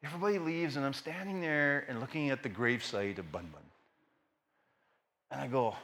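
Speaking at a moderate pace in a slightly high voice, this middle-aged preacher tells a story from the pulpit in a relaxed, filler-heavy way. He's animated, performing his relatives' voices as he goes.

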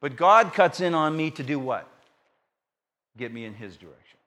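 A middle-aged male pastor preaching through family stories, his voice fairly high and bright with a forceful edge. He drops into joking asides and swings between loud and quiet. The delivery stays animated and personal. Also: normal speed. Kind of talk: sermon.

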